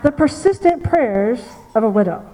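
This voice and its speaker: A woman with a high, mellow voice preaches a sermon, telling a story and repeating her key phrases. Her voice carries a long reverb from a large hall. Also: expressive, moderate pace.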